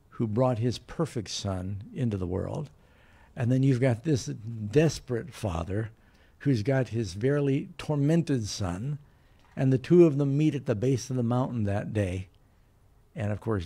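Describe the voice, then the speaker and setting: Gravelly pastor telling a lively sermon. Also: male voice, medium pitch. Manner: animated storytelling, acting out quoted voices.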